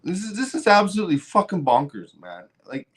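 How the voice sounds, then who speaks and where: A man's voice: high-pitched, huge pitch swings, fairly quick, fairly bright tone. A man hosting a podcast, ranting heatedly with constant swearing and repeated words. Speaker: podcast host. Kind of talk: profane political rant.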